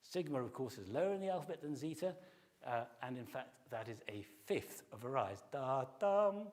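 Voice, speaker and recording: Middle-aged male professor, average pitch, for a patient explanatory lecture with sung examples. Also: animated, a little fast, a little mellow. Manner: explanatory, sings short snatches of melody to illustrate. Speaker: classics professor giving a pre-concert talk. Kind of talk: public lecture.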